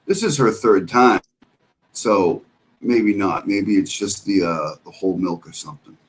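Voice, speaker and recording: A man's voice: lowish voice, unhurried, slight background noise, poor audio. A man joining a casual chat over a video call, talking bluntly and swearing freely. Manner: blunt, profane. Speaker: co-host.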